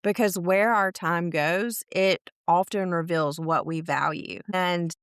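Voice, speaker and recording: A woman tells a personal story on a faith podcast, earnest and animated, acting out what others said. Her voice sits a little low and sounds smooth and resonant. The close mic sounds dry, with no room around it. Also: slow pace, dry recording. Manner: earnest, acts out quotes of others. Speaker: podcast co-host. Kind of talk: storytelling in casual faith chat.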